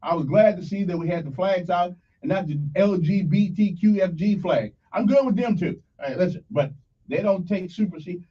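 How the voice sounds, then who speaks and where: Animated high-voiced radio host. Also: male voice, moderate pace, slightly rough. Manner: animated, jokey, talks straight to listeners. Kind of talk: morning radio talk. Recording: dull lo-fi radio sound, slightly distant.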